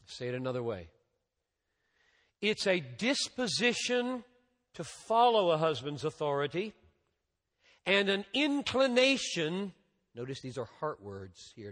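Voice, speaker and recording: A male pastor preaching a sermon in a large church, his fairly high voice carrying a long hall reverb. He speaks slowly and deliberately, swelling loud on key words and dropping soft after them. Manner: emphatic rises and drops in loudness, slow deliberate delivery.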